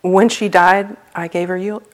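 A woman's voice: lowish voice, little pitch movement, measured pace. A woman meditation teacher giving a dharma talk at a retreat center, telling a personal story in a humorous, loose, conversational way.

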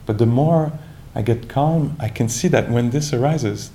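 A man giving a calm, reflective dharma talk as a meditation teacher, searching for words with many restarts and asides. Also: mid-range voice, unhurried, slight background noise.

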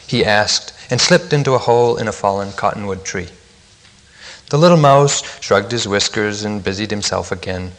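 A meditation teacher reads a children's story aloud. He is a man with a gentle, measured way of speaking and a pitch in the middle of the range. It was recorded at a retreat center. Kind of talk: storytelling in a dharma talk.

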